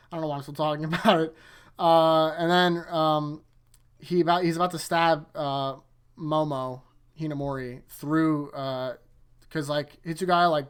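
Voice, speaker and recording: A man's voice: a little high, smooth. A man hosting his own anime rewatch, recapping episodes in a loose, rambling way that trips over itself and keeps correcting itself. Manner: rambling, self-correcting, chuckles often.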